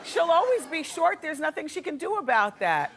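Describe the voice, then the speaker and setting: A woman hosting a talk show, delivering an animated, sassy gossip monologue to a studio audience. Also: sits high, normal speed, a faint crowd. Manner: animated, chatty and sassy, laughing often. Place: television studio with a live audience. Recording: studio with audience noise behind.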